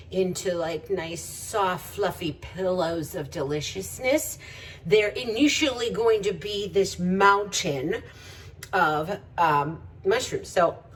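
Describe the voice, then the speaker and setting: A woman's voice: on the low side, far from the mic, slight background noise, rough recording. A woman making a home cooking video, chatting to viewers as she cooks and laughing often. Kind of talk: casual cooking demonstration. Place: home kitchen.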